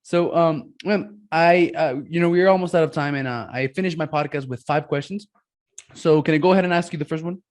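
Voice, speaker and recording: A man's voice: on the high side, a little fast. A man hosting a podcast, talking enthusiastically and tagging his points with "man" and "right?". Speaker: podcast host. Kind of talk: casual interview talk.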